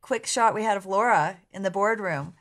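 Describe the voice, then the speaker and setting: A woman with a Canadian accent talks through how she directed a scene. She speaks thoughtfully and casually, pausing on ums and restarting her sentences. Her voice has a mid pitch. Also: fairly bright tone. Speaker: episode director. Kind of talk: casual commentary chat.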